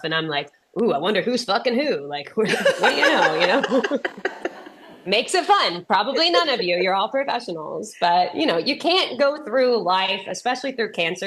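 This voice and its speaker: A woman in her thirties from Texas, a comedian giving a keynote talk as a chatty, self-deprecating storyteller while getting over a sinus infection. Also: medium pitch. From Texas, USA. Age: 30s. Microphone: remote presentation.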